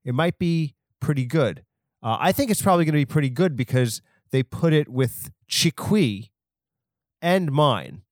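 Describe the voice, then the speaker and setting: A man's voice: on the high side, lively intonation, moderate pace, dry recording, clean studio sound. A man hosting his own podcast alone, rambling in a casual, crude, self-deprecating way with lots of fillers and restarts. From half Hispanic. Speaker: podcast host.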